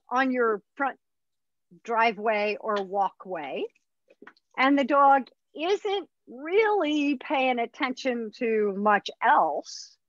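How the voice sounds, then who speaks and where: A woman's voice: on the high side, no room sound, lo-fi sound. A woman dog trainer teaching a puppy class in a chatty, upbeat way. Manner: chatty, upbeat instructor who acts out dog voices.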